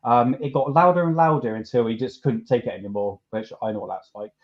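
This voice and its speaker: A man's voice: mid-range voice, fast. A man hosting a podcast in a casual, laid-back way, chuckling and restarting sentences often. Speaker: podcast host. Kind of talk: casual chat. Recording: dull lo-fi sound.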